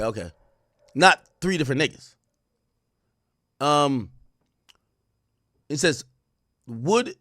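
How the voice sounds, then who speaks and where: Animated, profane man streamer. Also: fairly high pitch, dry recording, studio quality. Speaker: streamer host. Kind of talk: reading and reacting to court testimony.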